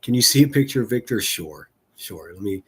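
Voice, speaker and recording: A man's voice: on the low side, lively intonation, brisk, fairly bright tone, slightly rough. A man hosting a live stream, making casual running commentary with crude jokes and frequent laughter. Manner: joking, laughs often, crude teasing humor.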